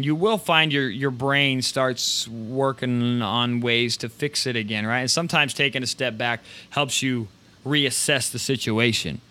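Hosting a live show, a man with a medium-pitched voice gives a casual, energetic pep talk about running a print business, rambling, restarting, and swearing now and then.

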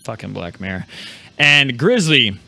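Bright-voiced excitable podcast host man. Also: medium pitch, unhurried, creaky, no room sound. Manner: loose, excitable, swears freely. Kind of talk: casual live podcast chat.

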